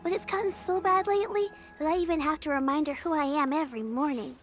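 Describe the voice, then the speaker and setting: A woman's voice: high-pitched, fast talker, soft background music, lightly acted. A woman voicing a cheerful, polite young woman in a game who looks after her grandmother. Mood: sober. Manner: friendly, polite, slightly weary. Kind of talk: game voice acting.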